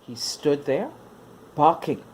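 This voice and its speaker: Slow, sing-song woman reading a children's story. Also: low voice, mellow, breathy edge.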